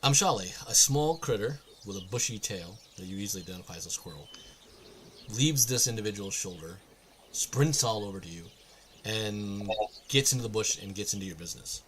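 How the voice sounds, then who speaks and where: A man runs a tabletop game over a voice call, his voice sitting a little low. He narrates in a relaxed, halting way, pausing on fillers as he goes. A faint hiss of noise hangs behind him. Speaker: game master. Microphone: online voice call mic.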